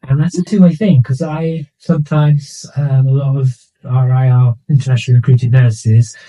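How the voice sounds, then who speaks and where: A man's voice: medium pitch, fairly even intonation, moderate pace, warm tone, rough recording. An older man, a senior nurse chatting casually as an interview guest, self-mocking and acting out little quoted exchanges.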